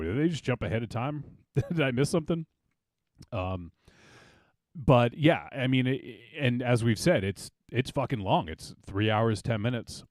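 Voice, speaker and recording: Lowish guy on a podcast, casual, tossing questions around, dry sound. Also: no room sound. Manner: casual, asks the group questions. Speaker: podcast host. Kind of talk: casual podcast film chat.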